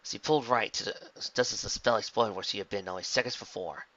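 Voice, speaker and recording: A man reading a fan fiction story aloud in a plain, steady manner. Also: on the low side, quick pace, lo-fi sound. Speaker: narrator.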